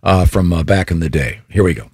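A man's voice: sits low, fairly quick, a little mellow, slightly rough. A male talk show host chatting casually, rambling and laughing often.

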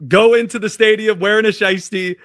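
Guy hosting sports radio, kinda high voice, jokey and self-deprecating, dry close sound. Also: fairly even intonation, a little fast, fairly bright tone, no echo. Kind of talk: casual sports radio chat.

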